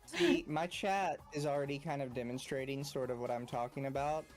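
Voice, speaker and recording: A man co-hosting a podcast in casual chat. He gives measured, reasoned opinions. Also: mid-range voice, expressive, faint music behind. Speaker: podcast co-host.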